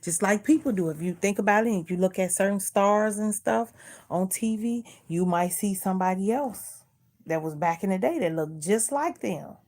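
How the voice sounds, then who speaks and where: A woman's voice: medium pitch, normal speed, darkish tone. A middle-aged woman vlogger in casual chat, earnestly preaching life advice and repeating herself.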